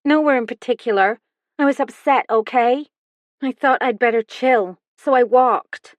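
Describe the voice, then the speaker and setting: A woman's voice: a little high, normal speed, no room sound, pitched above the performer's own voice, close to an everyday voice. A woman voicing a defiant young woman who answers questions sharply and evasively. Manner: sharp, defensive retorts.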